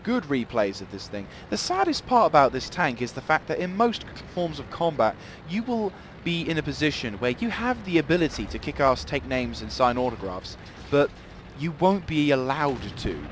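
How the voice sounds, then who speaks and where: A man's voice: fairly high pitch, very animated, moderate pace, few pauses, a little hiss or hum. Rambling man commentating a game. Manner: rambling, swears in sudden outbursts. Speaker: gameplay commentator. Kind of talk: live gameplay commentary.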